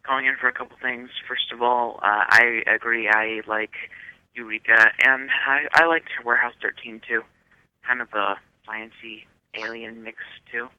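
Give me a man from California leaving a casual voicemail, a little halting. His voice is narrowed by a tinny phone line and sounds dry. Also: medium pitch, steady tone, clear, resonant tone, no room sound.

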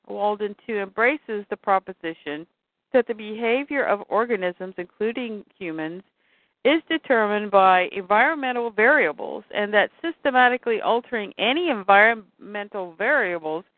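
A woman in casual chat, reading reference notes aloud in an even, explaining tone. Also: fairly high pitch, no room sound. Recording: dry tinny phone-like sound.

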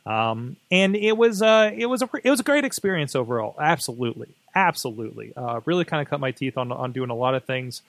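A man's voice: medium pitch, expressive, brisk, hardly any pauses, no room sound. A man hosting his own podcast, talking casually in a rambling way with many fillers and restarts. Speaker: podcast host. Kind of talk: casual solo monologue.

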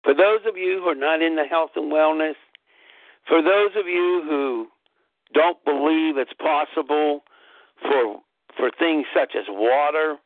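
A man's voice: a little high, unhurried, no room sound. A man hosting a personal health talk, telling his story earnestly and repeating key phrases for emphasis. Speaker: host. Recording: tinny phone-like line, dry.

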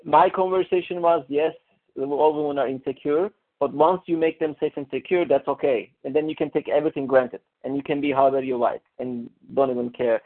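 A man on a coaching call, talking in a halting way, restarting and searching for words. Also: a little high, fairly even intonation. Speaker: coaching client. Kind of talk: casual conversation on a coaching call. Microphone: call audio. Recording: narrow phone-line call audio.

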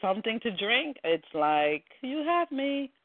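Woman, high voice, animated casual chat, quick laughs, tinny phone sound. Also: crowd noise. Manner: animated, laughing, exclaims often. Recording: tinny dry phone line.

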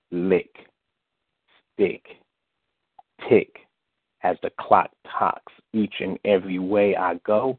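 A man reciting erotic spoken-word poetry in a slow, sensual way, often saying "you see", heard over a phone line. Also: deep voice, no echo. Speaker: guest poet. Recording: tinny phone-line audio, dry.

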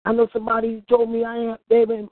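A man's voice: very high-pitched, monotone, a little fast, dry recording. A man hosting a radio show, giving casual, preachy talk in a colloquial manner and laughing often. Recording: tinny phone-like line, dry.

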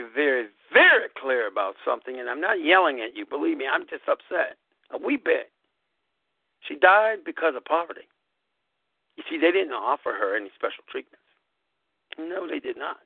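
A man hosting a live podcast, giving an emphatic, preachy motivational talk that repeats phrases and swings sharply up and down in pitch. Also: no room sound. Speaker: host of a gaming club podcast. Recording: dry, tinny phone-like audio.

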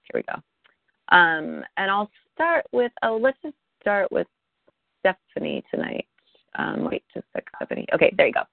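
Female class leader, gentle and encouraging, gravelly, heard over a tinny phone line. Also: medium pitch, big pitch swings, moderate pace, no room sound. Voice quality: gentle, encouraging, repeats herself. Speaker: Reiki teacher leading a teleclass. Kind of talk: teaching on a phone call.

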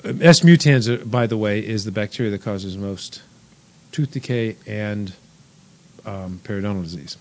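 A man's voice: on the low side, normal speed, a little mellow. A man hosting a casual chat show, reading out wine news with wry jokes and frequent laughter. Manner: wry, joking, laughs often. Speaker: host.

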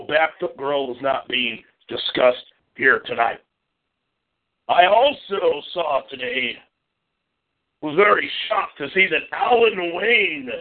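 A man hosting a call-in talk show, ranting with exasperation and swinging between high and low pitch. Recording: tinny phone-like line.

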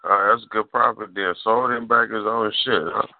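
A man's voice: on the low side, flat delivery, normal speed, no room sound. A man talking on a radio show in a blunt, emphatic way, swearing freely. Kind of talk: casual radio talk. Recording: dry tinny phone line.

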